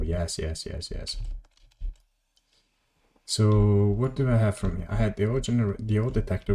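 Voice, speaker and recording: In casual gameplay commentary from his home office, a man with a deep, dark voice rambles as he plays, fixing his own slips and replying to chat.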